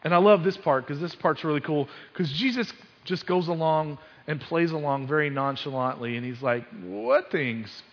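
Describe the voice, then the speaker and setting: A man's voice: on the high side, moderate pace, hardly any pauses. A male pastor giving a conversational sermon, telling the story with sports asides and frequent restarts. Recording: dull sound with long hall reverb.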